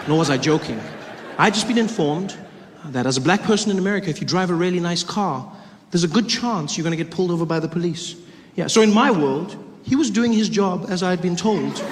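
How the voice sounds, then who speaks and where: A man doing a stand-up comedy set, telling a story with animated delivery and acted-out voices. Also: high-pitched. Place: comedy club stage. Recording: echoey club with audience noise.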